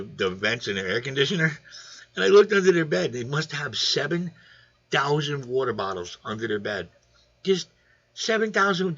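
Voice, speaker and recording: A rambling man hosts a laid-back fish livestream from his home, joking and chatting with viewers as he goes. His pitch sits in the middle range, and the stream audio sounds dull and lo-fi. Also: a bit bright. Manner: rambling, joking, talks to chat by name. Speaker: aquarium channel host. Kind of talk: casual livestream chat. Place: home room.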